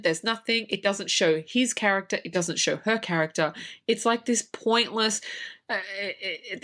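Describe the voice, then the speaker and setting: Woman, podcast co-host, horror writer, ranting film review, heavy swearing, mid pitch. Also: a bit bright. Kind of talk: casual movie review chat.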